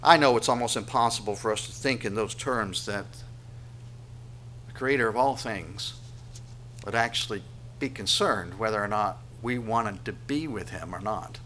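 Slow, bright-voiced preacher man. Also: on the low side, a little hiss or hum. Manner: dramatic swings between loud and hushed delivery. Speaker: pastor. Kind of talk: sermon.

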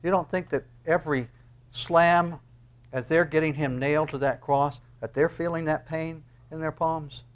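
An older man preaches a sermon in a slightly raised voice. He drops to near-whispers and then climbs to loud, impassioned peaks, acting out the voices he quotes along the way. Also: a little high, fairly even intonation, moderate pace, clear, resonant tone. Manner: dramatic swings from quiet to loud, acting out quotes.

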